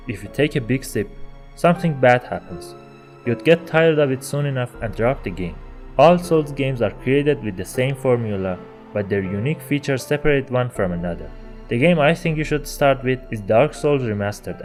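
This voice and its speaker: A man hosts a gaming video essay in a scripted voice-over with a mid-pitched voice. His delivery is wry, with dry sarcastic asides. Faint background music plays under the narration. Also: darkish tone.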